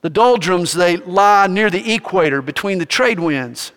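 A male pastor preaching a sermon, telling stories with animated energy. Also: high-pitched, a little slow, smooth, big-room sound.

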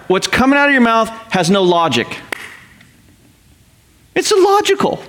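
Animated male preacher, lively pitch. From North America. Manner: animated, quotes scripture slowly, paraphrases in quick asides. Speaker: pastor. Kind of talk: sermon.

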